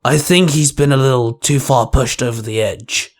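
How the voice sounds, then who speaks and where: Gruff, growling young ranger, read by a man. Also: moderate pace, close to an everyday voice. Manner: growling, low. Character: gruff young male ranger, blunt and bitter. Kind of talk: fan fiction read aloud.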